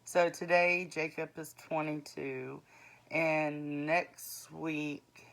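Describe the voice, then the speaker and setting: Woman in her 40s talking slow, smooth clear voice, lots of ums, earnest book update vlog. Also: sits low, level tone, a bit bright. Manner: rambling, with frequent ums and restarts; earnest, plain-spoken. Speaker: author promoting her books.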